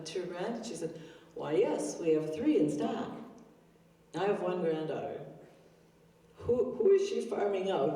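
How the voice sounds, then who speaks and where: A woman's voice: deep voice, mellow. An older woman at an open mic, telling chatty, self-deprecating stories with lots of fillers. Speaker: stand-up comedian. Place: arts center stage, live audience. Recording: roomy hall heard from a distance.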